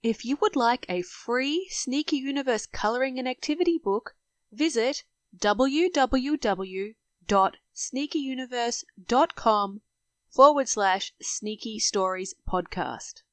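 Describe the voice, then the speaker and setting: A woman host reading a slow, careful scripted outro for a podcast. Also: on the high side, expressive, fairly bright tone, dry recording.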